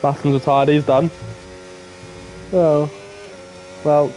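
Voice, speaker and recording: A man commentating live on a sim racing qualifying session, swinging between low murmurs and excited outbursts. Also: slow, lo-fi sound, a little hiss or hum. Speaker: race commentator.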